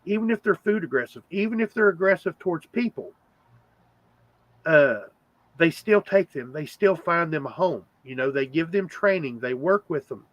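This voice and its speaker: A man's voice: a little high, lively intonation, normal speed, dry recording, lo-fi sound. A man hosting a casual livestream chat, rambling with lots of fillers. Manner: rambling, chatty with frequent fillers. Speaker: channel host.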